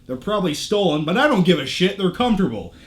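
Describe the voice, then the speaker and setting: Talking fast, a man shows off his home theater room in a fairly high voice with big swings in pitch. He's chatty, cracks jokes, and swears casually, and the camera shotgun mic picks him up close and clear.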